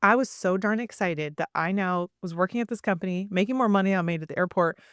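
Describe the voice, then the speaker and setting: A woman of around forty, guesting on a podcast interview, tells her story energetically in fast bursts with many asides, acting out the voices of people she quotes. Her mid-range voice is a bit bright, in clean studio sound with no room sound.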